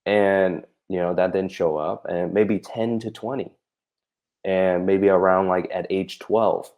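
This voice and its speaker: A man with a deep, mellow voice explains his practice to a colleague in a relaxed conversation. He keeps acting out back-and-forth exchanges between himself and a patient and fills his talk with "you know" and "right?". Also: takes it slowly. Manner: acts out patient and practitioner dialogue, many fillers. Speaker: holistic practitioner.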